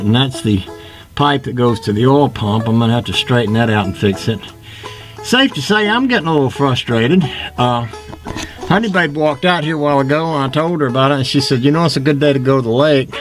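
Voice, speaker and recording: A man chatting casually to the camera in a folksy, wry way while working on his car at home. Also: mid-range voice. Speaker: home car mechanic vlogger.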